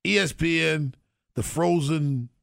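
A man's voice: on the high side, takes it slowly, creaky, a bit bright, no room sound, studio quality. A man co-hosting a sports radio show, talking casually and laughing often as he rambles.

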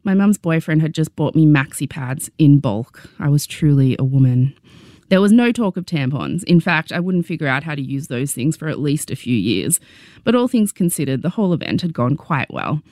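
A young adult woman with an Australian accent narrating her memoir with wry, deadpan humor. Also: low voice, brisk, no room sound, clean studio sound.

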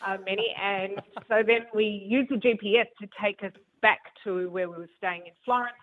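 A woman calls in to a radio show and tells a story in a chatty, amused way. Her voice sits at a middle pitch and comes through a tinny phone line. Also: fairly even intonation, moderate pace. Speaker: caller. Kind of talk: phoned-in travel anecdote.

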